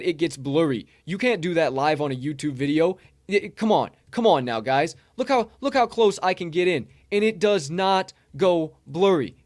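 A man's voice: fairly high pitch, darkish tone. A young man hosting a casual online stream, hyped up and preachy, swearing as he rants. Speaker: NFT content creator. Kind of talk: casual livestream promo rant.

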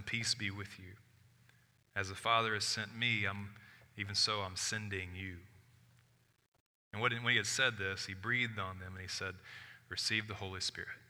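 A man preaching a sermon as pastor, shifting from loud emphatic lines to hushed soft ones, with casual asides. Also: on the low side, little pitch movement, normal speed, pauses often. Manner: conversational asides with "like". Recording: long hall reverb of a church.

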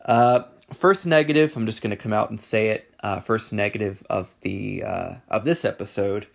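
Speaking at normal speed in a lowish, creaky voice, a man reviews songs on his own in a casual way. His delivery is hesitant and offhand, with frequent ums, restarts, and dry humor.

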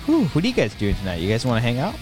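A man's voice: mid-range voice, wildly swooping pitch, racing, over music. Laid-back man hosting a podcast. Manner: loose, joking sign-off with swearing. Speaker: podcast host. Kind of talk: casual chat.

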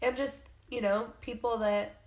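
Young adult woman, podcast co-host, a little high-pitched, chatty and emphatic with sarcastic asides; roomy echo. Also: fairly even intonation, unhurried. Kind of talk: casual chat.

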